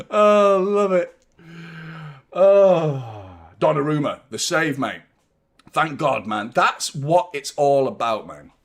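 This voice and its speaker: Excitable football fan. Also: male voice, medium pitch, a little slow, creaky. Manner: excitable, swearing, chanting along. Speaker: fan channel host. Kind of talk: live football watchalong commentary.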